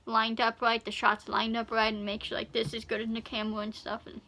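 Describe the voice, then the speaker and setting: A woman's voice: a little high, monotone, fairly quick, bright, forceful tone. A woman hosting a casual reaction video, rambling with lots of fillers as she talks to the camera. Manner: rambling, full of fillers like "you know" and "like". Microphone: phone camera.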